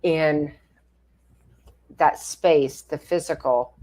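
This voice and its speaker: A woman's voice: low voice, extremely slow, dark tone. A woman co-hosting a talk show, chatting encouragingly and asking rhetorical questions. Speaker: co-host. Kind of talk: conversational chat.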